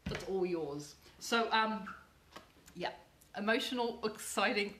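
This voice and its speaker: A woman's voice: medium pitch, expressive, slow, fairly bright tone, echoey room, slight background noise. A middle-aged woman hosting a live cooking channel video, effusive and emotional, repeating words for emphasis.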